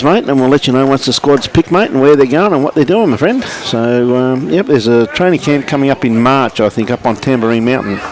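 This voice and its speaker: A man's voice: medium pitch, a little mellow. An Australian man giving live lawn bowls commentary at the club, chatty, greeting viewers by name and calling everyone mate.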